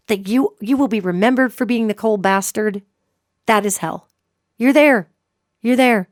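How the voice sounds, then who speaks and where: A woman's voice: a little high, dry recording, studio quality. A woman hosting a psychic radio show, telling a story to her listeners in an emphatic way and checking in with them as she goes.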